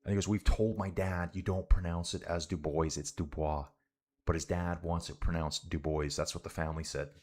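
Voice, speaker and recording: Casual male streamer from Canada, low voice, easygoing race commentary mixed with chat. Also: steady tone, brisk, hardly any pauses, darkish tone. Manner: laid-back, says "dude" a lot, chats with viewers. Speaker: cycling livestream commentator.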